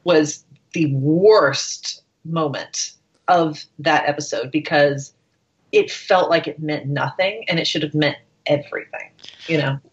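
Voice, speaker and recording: A woman's voice: sits low, a little slow. A woman guest on a podcast, chatting casually and animatedly, laughing often and acting out quotes. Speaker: guest TV editor. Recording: dull lo-fi sound.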